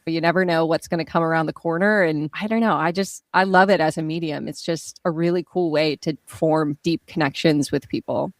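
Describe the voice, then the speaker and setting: A woman's voice: deep voice, steady tone, a little fast, hardly any pauses, no room sound, clean studio sound. A woman from Maine, USA, chatting as a podcast guest in a bubbly way and laughing often. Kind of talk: casual interview chat.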